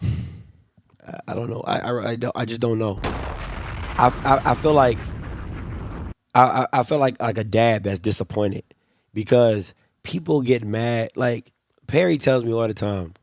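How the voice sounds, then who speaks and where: Exasperated rambling man with a creaky voice. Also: medium pitch, measured pace, pauses often. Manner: rambling, exasperated, repeats himself. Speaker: livestream host. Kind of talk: casual sports commentary.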